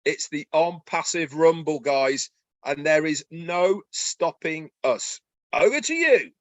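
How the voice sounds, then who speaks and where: A man co-hosting a webinar, talking excitedly in a folksy way and asking rhetorical questions. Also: fairly high pitch, slow pace, dry recording. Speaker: webinar co-host. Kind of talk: enthusiastic promotional webinar talk.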